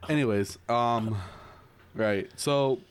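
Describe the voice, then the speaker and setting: A young man chatting casually with his friends, telling a long story that meanders with fillers and restarts. His voice sits at an ordinary middle pitch, and he keeps breaking into high, shrill impressions of the people he describes. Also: slow, slight background noise. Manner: rambling, animated storytelling with lots of "like" and shrill impressions of others. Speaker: storyteller in a group chat. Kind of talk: casual chat.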